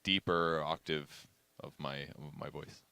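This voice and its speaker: Deep, bright-toned male esports caster. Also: fairly even intonation, a little slow, vocal fry, clean tone, dry recording. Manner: laid-back, rambling, thinks aloud. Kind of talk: casual game commentary.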